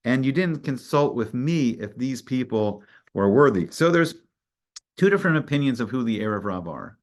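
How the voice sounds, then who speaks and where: A man teaches a Torah portion in a casual, conversational way. He reads Hebrew phrases and then unpacks them in English, restarting his sentences often as he goes. His delivery is animated and friendly rather than formal. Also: medium pitch, normal speed.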